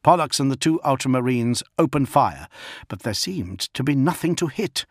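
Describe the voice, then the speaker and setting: A man narrating an action audiobook in an intense, expressive way. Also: medium pitch, moderate pace, no echo, clean studio sound.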